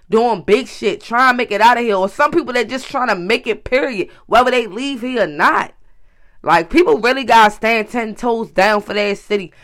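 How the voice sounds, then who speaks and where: A man's voice: sits high, a bit bright. A man from Baltimore with a Baltimore accent, ranting in a casual, profane, emphatic monologue to camera. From Baltimore, USA. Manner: profane, emphatic, keeps saying "you feel me". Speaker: vlogger.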